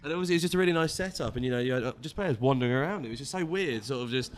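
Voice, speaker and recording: A man on a football fan podcast, telling stories in an animated way. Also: medium pitch, rapid-fire. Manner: animated, storytelling. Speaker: podcast panelist. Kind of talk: casual chat.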